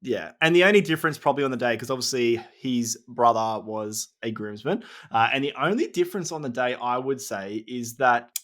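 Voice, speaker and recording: A man co-hosts a casual wedding podcast, telling lively stories and laughing often. His voice sits at an ordinary middle pitch for a man. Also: fairly quick, hardly any pauses. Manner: laughing, animated storytelling. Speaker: wedding photographer and podcast co-host.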